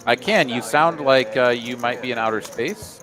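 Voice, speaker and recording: A man's voice: mid-range voice, moderate pace, a crowd in the background. A man, commentating a live poker cash game in a laid-back, drawling way with frequent fillers.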